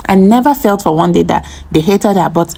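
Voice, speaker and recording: A woman's voice: medium pitch, a little fast, creaky, warm tone. A woman giving a chatty, opinionated recap of a reality TV episode, often acting out what others said. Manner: chatty, opinionated, acts out quotes. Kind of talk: casual recap commentary.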